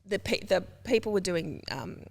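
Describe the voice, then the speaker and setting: A woman, chatting casually as a podcast guest and telling lively stories that jump up in pitch when she quotes people. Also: normal speed, creaky. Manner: animated storyteller, jumps to high pitch for quoted voices. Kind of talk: casual chat.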